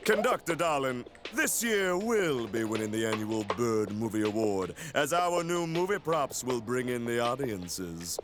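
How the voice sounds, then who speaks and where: A man's voice: medium pitch, sing-song, a little slow, hardly any pauses. An actor playing a flamboyant, theatrical male penguin movie director in a video game. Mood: proud. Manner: theatrical, drawls 'darling'. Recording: game audio with loud music behind.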